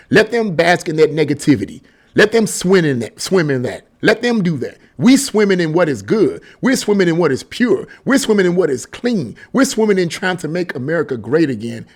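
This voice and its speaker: A man's voice: a little high, sing-song, moderate pace. A man delivering casual solo political commentary, emphatic and repetitive, often restarting and paraphrasing.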